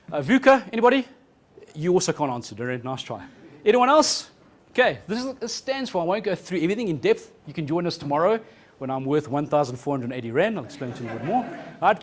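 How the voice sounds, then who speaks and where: A man giving a fast, joking live keynote talk as a futurist, quizzing the audience from a conference stage. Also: on the high side.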